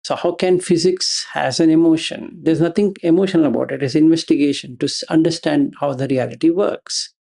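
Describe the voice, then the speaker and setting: Gravelly man giving a blunt Dhamma talk. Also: on the high side, steady tone, brisk, few pauses, mellow. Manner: argues through rhetorical questions, repeats Pali terms; blunt, dismissive of emotion. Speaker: Buddhist Dhamma teacher.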